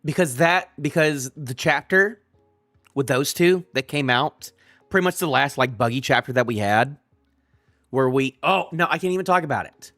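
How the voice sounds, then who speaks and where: A man talks through a manga chapter on a live reaction stream, his pitch jumping all over as he gets excited. He rambles, trips over his own sentences and starts them again. Faint music plays underneath. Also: moderate pace, no room sound.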